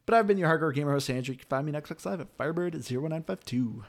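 A man's voice: on the high side, animated, very fast. A man hosting a casual gaming podcast, chatty and upbeat, laughing easily. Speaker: podcast host. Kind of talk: casual chat.

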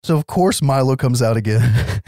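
In casual, comedic podcast chat, a man recaps a movie, laughing frequently and acting out characters with silly voices. His medium-pitched voice is expressive and dark, at a moderate pace, captured with studio quality and no room sound.

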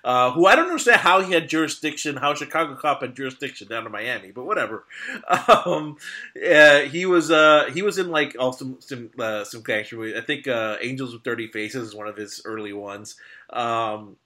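A man co-hosting a podcast, talking casually about classic films with halting restarts and frequent laughter. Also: medium pitch, lively intonation, bright, forceful tone. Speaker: podcast co-host. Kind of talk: casual film discussion.

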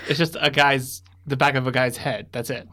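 A man co-hosting a book podcast, teasing the others with deadpan jokes. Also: mid-range voice, normal speed, a little hiss or hum. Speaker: podcast co-host. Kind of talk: casual chat.

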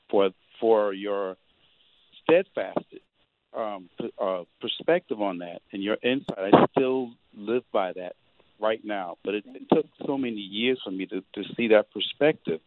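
Low-voiced male caller on a tinny phone line. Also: no room sound. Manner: effusive, emotional, gushing thanks. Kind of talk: call-in radio.

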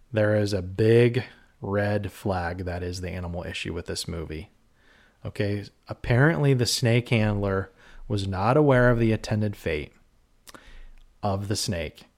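Lowish-voiced guy on a horror podcast, gets heated, cusses, lots of ums. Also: measured pace, darkish tone. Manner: heated, ranting, swears, many fillers. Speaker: podcast co-host. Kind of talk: casual horror movie review chat.

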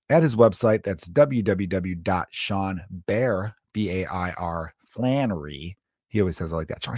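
A man's voice: lowish voice, a little mellow, no room sound, studio quality. A man in his thirties hosting a podcast, rambling and joking in a casual monologue, swearing freely. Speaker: podcast host.

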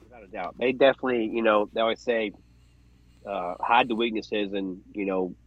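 A husky man chats in a relaxed, agreeable way, backing up his co-host. His voice comes through a dull, lo-fi mic in a dry space. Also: fairly low pitch, normal speed, dry recording. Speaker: podcast co-host. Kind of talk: casual chat.

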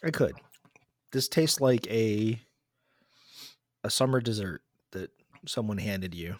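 A man's voice: lowish voice, slow, no echo. A man co-hosting a casual beer podcast, teasing his partner with dry sarcasm. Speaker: podcast co-host and editor. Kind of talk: casual chat about beer.

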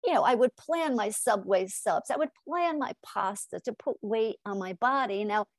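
A middle-aged woman speaking as a hypnotist guest in a podcast interview. She tells animated stories, acts out both sides of conversations and keeps asking "right?". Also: on the high side, normal speed, no echo. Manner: animated storyteller acting out dialogue, frequent "right?".

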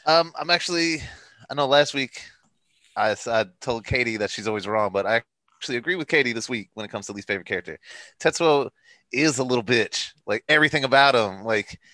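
A man co-hosting a casual film discussion podcast, swearing freely and acting out characters in quick quotes. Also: medium pitch, expressive, sharp tone, no echo. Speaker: podcast co-host.

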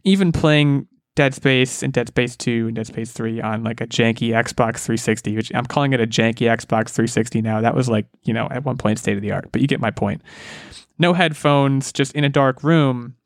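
A man who is a game expert co-hosts a casual podcast, talking eagerly and rambling with frequent restarts. His mid-range voice keeps a moderate pace, recorded with clean studio sound and no room sound.

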